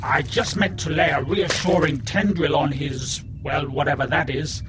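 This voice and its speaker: A man's voice: a little high, moderate pace, fairly bright tone, a little hiss or hum, natural voice. A man playing an overworked, tired male alien doctor with tendrils, apologetic and matter-of-fact. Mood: sheepish.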